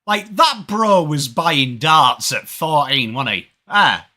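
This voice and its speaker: English bloke on a live footy stream, chatty, high bright voice, shouts out to chat by name. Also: male voice, lively intonation, slow pace. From England. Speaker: watch-along streamer.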